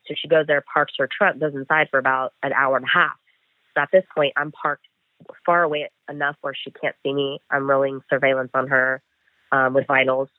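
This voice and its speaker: A man's voice: a little high, dry recording. A man working as a bail enforcement agent, telling a chase story in an interview and acting out the dialogue as he goes. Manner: animated, acts out dialogue with "I'm like". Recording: tinny phone line, dry.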